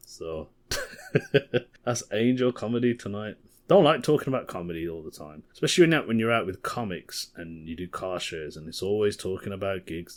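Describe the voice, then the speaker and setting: Young man, slightly low voice, chatty solo-podcast comic who rambles and chuckles. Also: expressive, brisk. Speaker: comedian and podcast host. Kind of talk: casual comedy podcast monologue.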